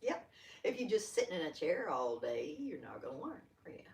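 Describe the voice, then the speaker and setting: An older woman with a Southern US accent, leading a gentle yoga class in a folksy, chatty way with playful asides. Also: low-pitched, very animated, brisk, vocal fry. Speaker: yoga instructor. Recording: roomy, from a distance off-mic.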